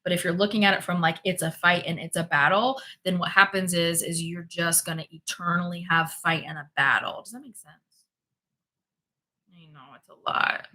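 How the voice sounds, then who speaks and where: A woman's voice: lowish voice, steady tone, moderate pace, pushed and bright. A woman hosting a spirituality livestream, chatting casually and reading out viewer comments, emphatic and prone to repeating herself.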